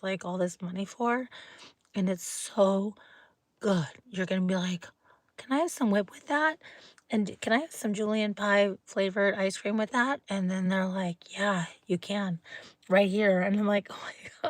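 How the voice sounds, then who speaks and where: A woman's voice: medium pitch, no room sound. A woman hosting a late-night livestream, telling a long rambling story and sometimes dropping to a whisper. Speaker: livestream host.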